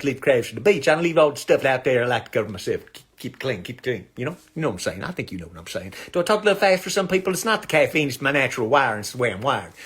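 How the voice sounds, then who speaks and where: Brash male comic, husky voice, quick talker, whoops and laughs into a webcam. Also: mid-range voice. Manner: fast, swaggering and crude, with whoops and laughs. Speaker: comedian doing a live stream. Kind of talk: rambling comic monologue. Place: small home studio. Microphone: phone or webcam on a live stream.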